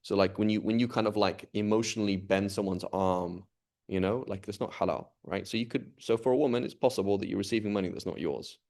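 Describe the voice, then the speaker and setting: A man's voice: lowish voice, quick pace, a little mellow. A man teaching an informal class, talking conversationally and often checking in with the students. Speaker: Islamic studies teacher.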